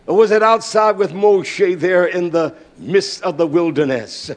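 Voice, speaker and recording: A man preaching a sermon, emphatic, repeating key words, with frequent "uh" pauses and bursts of raised volume. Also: sits high.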